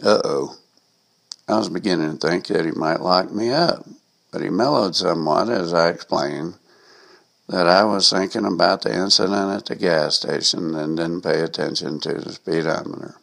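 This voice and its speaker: A man with a gravelly voice reading a personal anecdote aloud, in a wry, self-mocking way. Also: low voice, normal speed, fairly bright tone. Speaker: storyteller.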